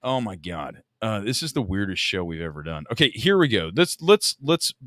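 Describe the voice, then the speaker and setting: Animated, bright-voiced male stream host. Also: fairly low pitch, normal speed, no echo, studio quality. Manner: rambling, joking and self-mocking. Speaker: host of a live movie talk stream. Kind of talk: casual live-stream chat. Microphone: desk microphone.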